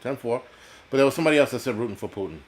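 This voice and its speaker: A man from the United States talks at an ordinary middle pitch while running a live stream. He rants bluntly and swears often, answering chat in a rambling flow. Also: animated, rapid-fire. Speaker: host. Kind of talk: ranting live-stream talk reading chat.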